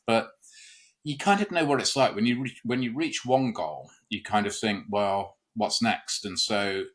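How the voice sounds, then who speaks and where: A man from Birmingham with a Birmingham English accent, a podcast guest who answers in a relaxed, measured way. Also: low voice, slightly rough. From England. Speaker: fitness and nutrition coach, guest. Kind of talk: casual interview.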